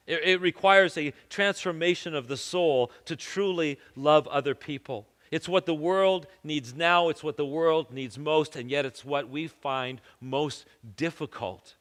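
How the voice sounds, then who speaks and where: A man's voice: on the high side, fairly bright tone. Earnest preacher man in a reverberant hall. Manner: earnest, self-deprecating storyteller with shifting pace. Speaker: pastor. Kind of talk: sermon with personal story. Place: church hall.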